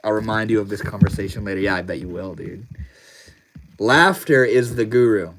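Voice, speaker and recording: A man's voice: fairly low pitch, moderate pace, noisy background. Laid-back slangy male streamer. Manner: laid-back and slangy, reading comments aloud. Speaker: livestream host. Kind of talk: casual livestream chat.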